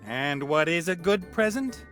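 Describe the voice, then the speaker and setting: Sly, mock-gallant young adventurer; lively intonation, game music behind. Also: male voice, on the high side, a little slow. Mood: teasing. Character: sly young male adventurer posing as a hatter.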